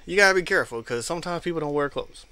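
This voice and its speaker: A man co-hosting a podcast, telling a work anecdote in a relaxed, rambling, casual way. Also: on the high side, rapid-fire, clean tone. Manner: laid-back rambling storytelling. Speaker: podcast co-host. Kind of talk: casual chat.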